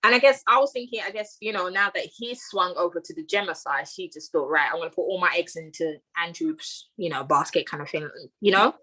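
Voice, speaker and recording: A woman's voice: fairly low pitch, a little fast, hardly any pauses, pushed and bright, rough recording. A British woman co-hosting a podcast, chatting casually and tagging "you know, sort of thing" onto her points. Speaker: podcast co-host. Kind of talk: casual chat.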